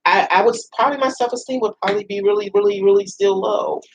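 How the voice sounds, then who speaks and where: A middle-aged woman as a radio show guest, talking in a rambling, animated way with many restarts and laughs. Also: mid-range voice, fast talker, slight background noise, poor audio. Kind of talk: casual heartfelt radio conversation.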